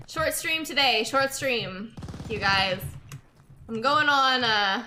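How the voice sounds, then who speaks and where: A woman's voice: sits high, measured pace, sharp tone, slight background noise. A young woman streaming and chatting casually, laughing often and reading chat aloud, tired from lack of sleep. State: sleep-deprived.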